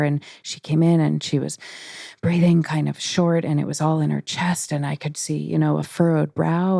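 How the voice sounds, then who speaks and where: A woman hosting a podcast, telling stories in a relaxed conversational way. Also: sits low, vocal fry, no echo, studio quality. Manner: relaxed, storytelling. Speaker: podcast host. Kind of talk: casual conversation.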